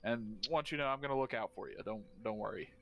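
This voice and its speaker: A man's voice: medium pitch, fast talker, gravelly, muffled recording, slight background noise, natural voice. A man voicing an anxious male farmer who lost his farm, talking in an awkward, rambling way.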